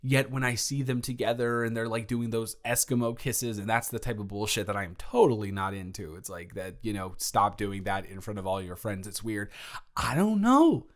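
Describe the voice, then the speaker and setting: A man's voice: fairly low pitch, moderate pace. A young man improvising an audio role-play, talking in a flustered, rambling way with many stammering restarts.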